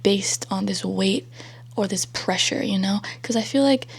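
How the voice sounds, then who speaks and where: A young woman vlogger talking through self-help ideas in a soft, half-whispered, reassuring way, rambling loosely with lots of fillers. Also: medium pitch, measured pace, gravelly, slightly rough. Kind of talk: casual self-help chat.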